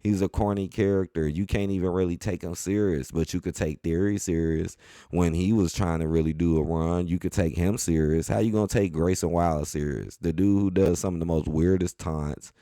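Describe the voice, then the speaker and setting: A man giving a casual, animated opinion rant as a wrestling commentary host, repeating his points in loose everyday speech. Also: sits low, fairly quick, no room sound, clean studio sound. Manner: animated, repetitive, colloquial.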